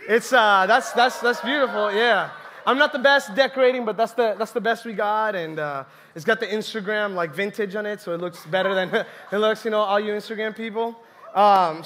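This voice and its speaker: A young man from Colombia gives a church talk as an animated, chatty story, full of acted-out quotes. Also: high voice. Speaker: church speaker. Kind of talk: humorous sermon storytelling.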